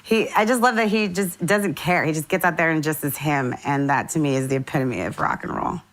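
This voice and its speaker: Young woman, St. Louis-raised singer, deep register, enthusiastic interview guest. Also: fairly quick. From St. Louis, USA. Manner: enthusiastic, animated storytelling with laughs. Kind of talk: casual interview chat.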